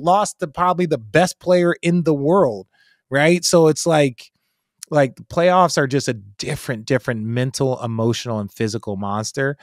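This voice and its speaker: A man's voice: medium pitch, dry recording, clean studio sound. A man in his forties, a guest analyst in a casual podcast chat, talking emphatically and swearing freely.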